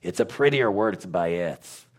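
Low-voiced man sounding out letters. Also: animated, measured pace, darkish tone. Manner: demonstrative, sounds out letters and syllables, rambling. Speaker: guest explaining Hebrew pronunciation. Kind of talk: casual teaching talk.

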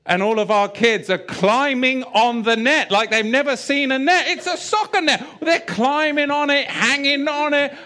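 Lively storytelling male preacher. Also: high-pitched. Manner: animated storytelling, laughs often. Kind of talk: sermon with humorous personal anecdote.

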